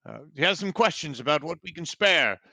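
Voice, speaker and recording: A polite villager stammers out an announcement at the door in a tabletop game, as a man puts him on. The voice is a little higher than usual and bright. The sound is dry and close. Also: expressive, a little fast, no room sound, full character voice. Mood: announcing. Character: male villager, doorkeeper, polite.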